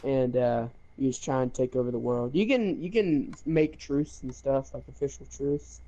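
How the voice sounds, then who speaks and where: A young man telling a game story in casual chat, animated, laughing and swearing. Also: medium pitch, normal speed, highs cut off.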